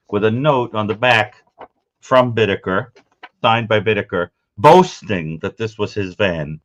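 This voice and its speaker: A man chatting as a guest about his collection of crime memorabilia, talking in an unhurried, rambling, matter-of-fact way. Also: on the low side, lively intonation, dull audio. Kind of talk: casual show-and-tell chat.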